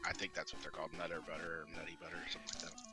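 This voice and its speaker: A man's voice: extremely low pitch, completely flat delivery, very fast, music in the background. A young man bantering and teasing his friend during a casual livestream, cracking jokes. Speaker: co-host friend.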